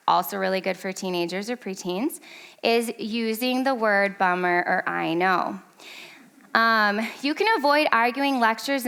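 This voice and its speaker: A woman's voice: fairly bright tone, smooth. A woman in her thirties giving a casual, chatty talk to a parenting class, laughing often and playing out her own lines and her son's whiny ones. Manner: quotes her son in a high whiny voice. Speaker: speaker at a church parenting class.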